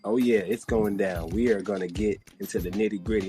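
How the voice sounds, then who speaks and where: A man hosting a podcast from a studio, talking loud and hyped in casual chat and swearing freely. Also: lowish voice, brisk, faint music behind. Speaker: podcast host. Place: recording studio.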